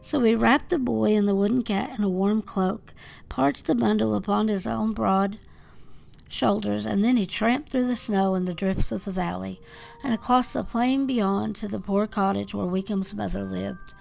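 A woman reading a classic children's story aloud in a gentle, measured way. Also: medium pitch, fairly even intonation, gravelly. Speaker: podcast host reading a children's book aloud. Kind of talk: storybook narration. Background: faint waltz music.

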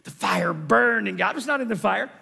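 Middle-aged pastor guy preaching, really gravelly voice, bounces all over the place pitch-wise. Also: expressive, moderate pace. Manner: dramatic preaching, swings from shouting to whispering. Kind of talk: sermon. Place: large church sanctuary. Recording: echoey church hall.

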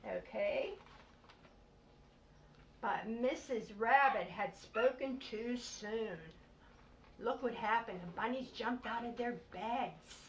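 An older woman reading a bedtime storybook aloud to a child, gently explaining and prompting as she goes. It is a distant home recording with noise behind. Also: on the high side, slow pace, long pauses, roomy sound. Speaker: grandmother reading bedtime stories.

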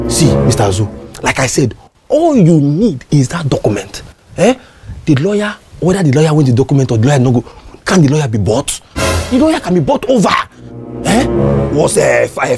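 A sly Nigerian schemer played by an actor who soothes one man and then whispers against him to another. The voice rises and falls a great deal, padded with fillers and stammers. Faint music plays underneath. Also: medium pitch. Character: scheming two-faced neighbour.

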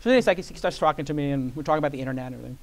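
Brief: male interview guest, raised pitch, rapid and animated anecdote delivery, slips into quoted voices. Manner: animated storyteller who acts out quoted voices, many "like" fillers. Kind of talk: storytelling interview. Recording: live event with audience.

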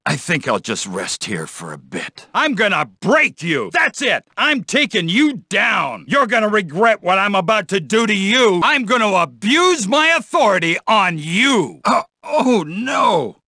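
An actor playing a corrupt, bullying middle-aged police officer in video game voice lines, gruff and menacing, recorded on a studio mic. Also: male voice, sits high, sing-song, unhurried, few pauses, sharp tone, no room sound, heavily acted. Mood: angry taunts.

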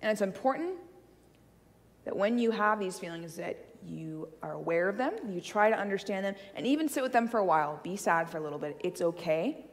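A woman's voice: medium pitch, animated, a little fast, long reverb tail. A woman giving a sermon, telling a personal story with playful asides. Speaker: church speaker. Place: church hall.

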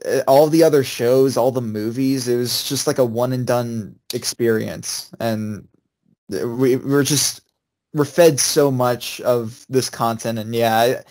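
A man's voice: mid-range voice, fairly even intonation, unhurried, darkish tone. A young man co-hosting a podcast, talking in a rambling, hesitant way with many restarts. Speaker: podcast co-host. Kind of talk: casual chat.

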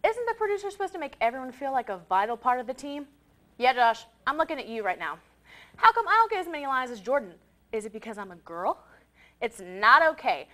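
A woman's voice: high voice, very animated, fairly quick, a bit bright. A young woman co-hosting a comic student TV show, delivering an indignant, complaining rant. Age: young adult. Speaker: co-host.

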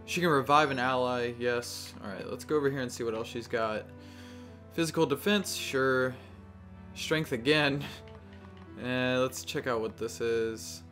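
A man's voice: medium pitch, fairly bright tone. A man giving casual, chatty gameplay commentary with self-mocking asides. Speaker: let's-play host. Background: game music.

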